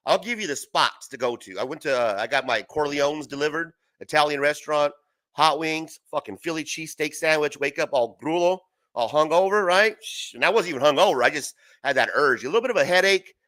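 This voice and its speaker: A man's voice: on the high side, animated, a little fast, a bit bright, no echo. A young man hosting a casual livestream from home, rambling through stories with heavy profanity and frequent laughter. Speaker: livestream host.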